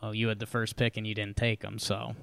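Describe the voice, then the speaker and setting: A man's voice: lowish voice, completely flat delivery, brisk, creaky, fairly bright tone, smooth, no echo. A man co-hosting a casual sports podcast, chatty and often restarting his sentences. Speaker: podcast co-host.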